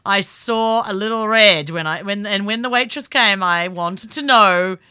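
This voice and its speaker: NZ woman, podcast co-host, teasing storyteller, bright and expressive, dry sound. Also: mid-range voice, a little slow, clear, resonant tone, no room sound. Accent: New Zealand. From New Zealand. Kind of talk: casual banter.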